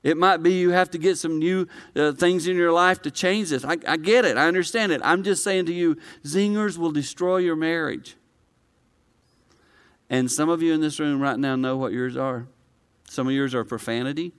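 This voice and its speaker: A male pastor preaching a conversational sermon to a live congregation, swinging from quiet, low delivery to loud, high-pitched excitement. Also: moderate pace, clean tone. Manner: conversational, personal preaching with direct address.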